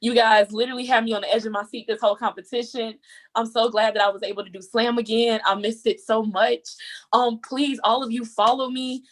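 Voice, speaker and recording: A woman's voice: on the high side, flat delivery, a little fast. A young woman giving an emotional acceptance speech after winning a contest, tearful and breathless with gushing thanks, talking into her phone on a video call. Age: young adult. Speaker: contest winner.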